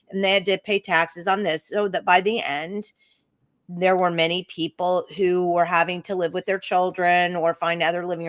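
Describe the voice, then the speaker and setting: A middle-aged woman with an Oklahoma accent talks in a lowish voice, spinning a long story for her co-host. She is animated and chatty and slips into quoted voices. The sound is close and dry, with no room around it. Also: no room sound. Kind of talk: casual chat, telling a travel story.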